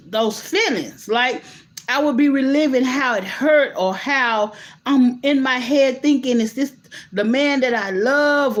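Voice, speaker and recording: Animated, incredulous woman vlogger. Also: high-pitched. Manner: animated, incredulous, many restarts and asides to viewers. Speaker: host. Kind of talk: casual commentary vlog.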